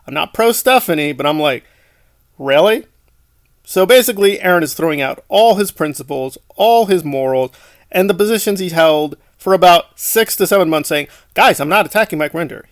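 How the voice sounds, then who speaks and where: High-voiced mocking male commentator. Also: dry recording, clean studio sound. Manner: mocking, scornful. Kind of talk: sarcastic online commentary.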